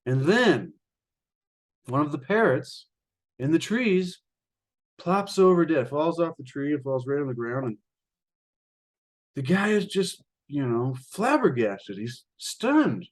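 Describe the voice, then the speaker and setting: A man with a voice of ordinary middle pitch reads a spiritual passage, then tells a fable in a loose, chatty way. He addresses his listeners as ladies and gentlemen. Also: animated, moderate pace. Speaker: channel host reading a spiritual book. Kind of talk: reading aloud with spoken commentary.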